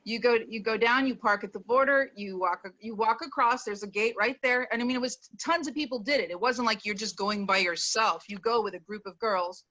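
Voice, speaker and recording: Woman comedian guest, blunt and profane storyteller, bright voice, dry muffled call audio. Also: fairly high pitch, brisk, hardly any pauses, no echo. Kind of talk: casual storytelling. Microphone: video call.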